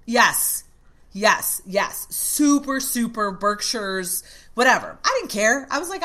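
A middle-aged woman tells a story as a podcast guest, talking casually and with a lot of animation. She swears freely and acts out her younger self's lines. Her voice is bright and keeps rising and falling. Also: on the high side, very animated, takes it slowly.

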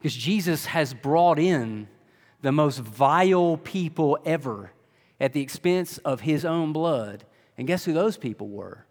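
A man's voice: a little high, animated, measured pace, a little mellow. A man preaching a sermon in a conversational style, full of rhetorical questions. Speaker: pastor. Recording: long reverb of a large hall.

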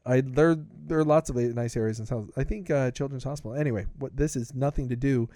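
A man's voice: medium pitch, quick pace, warm tone, no echo, clean studio sound. A man co-hosting a podcast, rambling through a jokey movie review and stammering over repeated words. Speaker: podcast co-host. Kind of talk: casual movie review chat.

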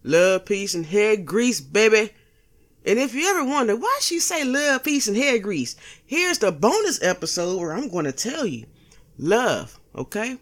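A woman's voice: medium pitch, big pitch swings, a little slow. A woman hosting a casual solo podcast, blunt and profane, joking with slang and laughing at her own lines. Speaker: podcast host.

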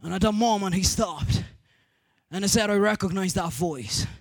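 High-pitched gravelly preaching man. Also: moderate pace, no echo. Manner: sing-song preaching cadence, builds to shouting; repeats words and restarts. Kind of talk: sermon storytelling.

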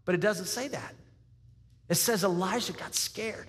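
Speaking to his congregation, a pastor with a fairly high male voice brings the story to life, imitating the people he quotes and laughing frequently. His pace is measured and his tone a bit bright, with a long hall reverb behind him.

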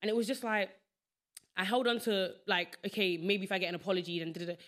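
Chatty london girl hosting a podcast, talks quick, rambly and laughy. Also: medium pitch, fairly bright tone. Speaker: podcast host. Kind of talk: casual chat.

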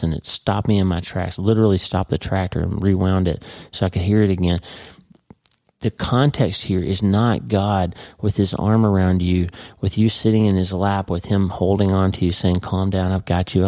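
A man hosting a devotional podcast, teaching earnestly and slowing down to stress key words. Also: low-pitched, dark tone, dry recording, clean studio sound. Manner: earnest, emphatic, slows down for dramatic stress.

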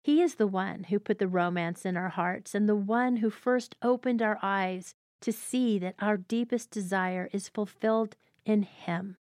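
A woman's voice: mid-range voice, a little mellow, dry recording, studio quality. A woman hosting a devotional teaching, speaking in an earnest, reflective way and reading passages aloud. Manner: earnest, reflective, unhurried phrasing. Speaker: host of a devotional teaching show.

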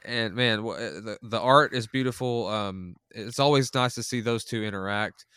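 A man's voice: on the low side, normal speed, bright, forceful tone, clean tone, no room sound, clean studio sound. A man co-hosting a podcast, chatting enthusiastically and rambling with restarts. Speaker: podcast co-host. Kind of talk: casual podcast chat.

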